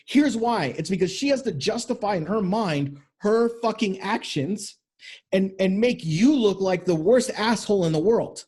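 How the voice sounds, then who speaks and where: A man with a notably high voice delivers a motivational talk to men as a relationship coach. He is blunt and profane, and he keeps driving his points home by repeating them. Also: animated, normal speed, darkish tone, husky. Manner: blunt and profane, with emphatic repetition.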